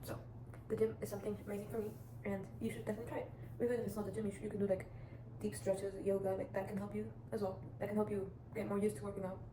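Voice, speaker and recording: A woman's voice: mid-range voice, level tone, very fast, few pauses. A teenage girl vlogging casual self-improvement advice, rambling and chatty with lots of restarts. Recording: echoey room with clear background noise.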